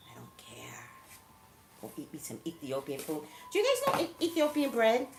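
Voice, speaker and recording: Lively, chatty woman vlogging. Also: deep voice, moderate pace, vocal fry, reverberant, background noise. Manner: animated, chatty storyteller who talks straight to viewers. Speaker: psychic vlogger. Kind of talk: casual chat to camera.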